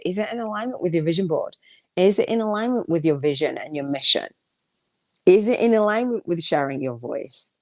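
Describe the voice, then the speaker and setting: A woman's voice: deep voice, a little mellow, dry recording. A woman hosting a solo podcast, talking casually and reflectively, rambling with restarts and repeated affirmations. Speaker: podcast host.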